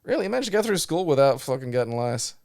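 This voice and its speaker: A man's voice: medium pitch, very fast, creaky, no room sound, studio quality. Sweary rambling Australian man. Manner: sweary, rambling, animated storytelling. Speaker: podcast co-host. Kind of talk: casual chat.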